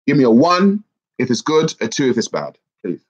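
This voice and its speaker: This is a stuffy-nosed man with a mid-range voice talking at normal speed while hosting a casual stream. He cheerfully reads out comments from viewers, heard through flat, lo-fi stream audio.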